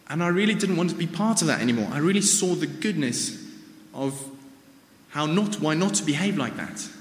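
Give me a bright-voiced man with a South African accent preaching in a roomy, echoing church. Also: medium pitch. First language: Afrikaans. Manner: informal personal storytelling. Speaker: church speaker. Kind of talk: sermon. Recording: reverberant church hall.

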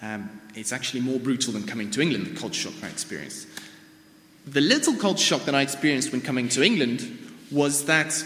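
A man's voice: medium pitch, lively intonation, fairly quick, pushed and bright. A man in his thirties from South Africa, with a South African accent and Afrikaans as his first language, giving a sermon as informal personal storytelling. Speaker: church speaker. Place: church. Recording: reverberant church hall.

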